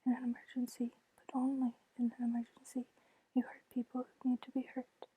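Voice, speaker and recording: A woman's voice: a little high, monotone, a little fast, breathy edge, poor audio. A woman whispering a sly old hustler, whispered role-play. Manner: soft unvoiced whisper. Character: old male hustling con man.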